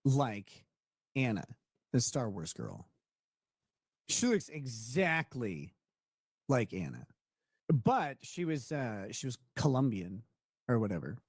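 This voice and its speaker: A man's voice: mid-range voice, no room sound, clean studio sound. Rambling young man telling a story. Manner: rambling, restarts, laughs at own story. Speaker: show host. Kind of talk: casual storytelling chat.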